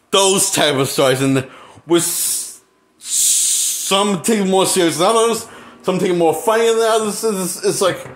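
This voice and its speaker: A man giving a casual movie review, incredulous and animated, often repeating himself and laughing nervously. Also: high voice. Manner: repeats himself, halting restarts. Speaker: movie critic.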